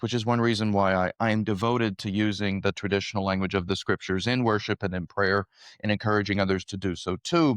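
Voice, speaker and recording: A man's voice: on the low side, dry recording, studio quality. A young man co-hosting a conversational Bible study podcast, speaking in an earnest, thoughtful way and laughing easily. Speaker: podcast co-host.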